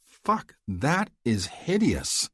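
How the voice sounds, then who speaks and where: A man voicing a brash, sharp-tongued young human woman in an audiobook, blunt and mocking. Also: medium pitch, huge pitch swings, extremely slow, breathy edge, no room sound, clean studio sound, voice pushed up, full character voice. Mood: sassy.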